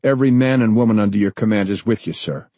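A man reading aloud, voicing a gruff, loyal soldier who speaks bluntly. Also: lowish voice, fast, mellow, no echo, pitched above the performer's own voice, lightly acted.

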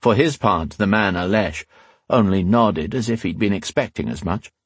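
Male audiobook narrator, deep-ish and husky, dramatic fantasy reading. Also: dry recording. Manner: measured, dramatic storytelling.

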